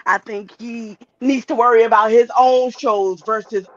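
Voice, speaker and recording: A woman's voice: a little high, fairly even intonation, a little slow, no room sound. Livestream guest, blunt, opinionated woman; dry, muffled line. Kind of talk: casual chat.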